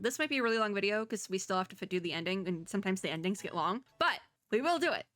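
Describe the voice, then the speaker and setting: A woman's voice: mid-range voice, expressive, fast talker, bright, forceful tone. A woman streamer chatting and giggling through a game while reading its story aloud. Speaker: gaming streamer. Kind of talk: casual gameplay commentary.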